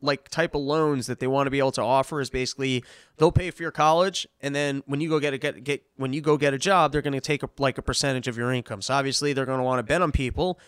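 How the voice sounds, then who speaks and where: A man's voice: mid-range voice, steady tone, quick pace, fairly bright tone, clean tone, dry recording, studio quality. A man hosting a podcast, riffing sarcastically on the news in a rambling, profane way. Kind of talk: comedic news commentary.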